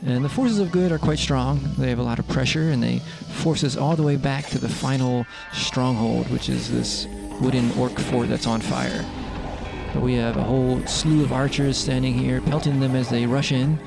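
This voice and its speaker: A man narrating a roleplay game session in a casual, wry, deadpan way. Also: medium pitch, normal speed, vocal fry, over music.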